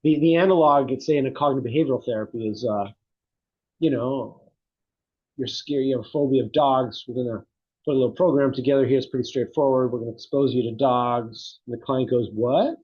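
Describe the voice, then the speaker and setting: A man's voice: mid-range voice, fairly even intonation, a little fast, slightly rough, highs cut off. A middle-aged man, a psychotherapy researcher, speaking reflectively in an interview and telling stories with animation. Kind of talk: conversational interview.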